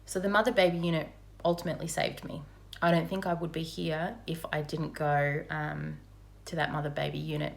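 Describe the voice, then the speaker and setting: A woman gives a candid personal account in a slightly low voice. She speaks frankly and conversationally, with plenty of ums and you-knows along the way. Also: level tone, brisk, gravelly. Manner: frank and conversational, with many fillers. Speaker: mother sharing her recovery story.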